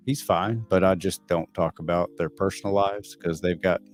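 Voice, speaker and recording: A man's voice: deep voice, steady tone, moderate pace. A middle-aged man with a Texan accent, hosting a casual live stream and answering viewers' chat in a candid, blunt and profane way. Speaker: livestream host reading chat.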